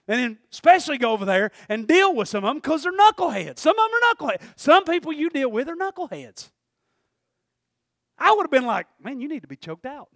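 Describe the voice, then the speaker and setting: A man with a high voice preaching a sermon, close and dry with little room sound. He talks loosely and conversationally, laughs often, and acts out the voices of people he quotes. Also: sing-song, brisk, long pauses, fairly bright tone, no echo.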